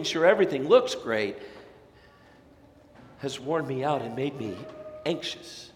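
A man's voice: mid-range voice, unhurried, pauses often, slight background noise. A male pastor preaching a sermon with energy, acting out the voices of people in his congregation. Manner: animated, acts out voices of listeners; energetic, fired up. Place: large church sanctuary. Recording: echoey sanctuary with long reverb.

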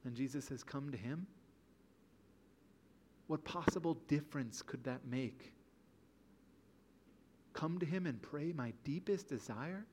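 A man's voice: fairly high pitch, unhurried, pauses often, a little mellow, a little hiss or hum. A man preaching a sermon in an earnest, pleading way, full of rhetorical questions. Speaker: pastor.

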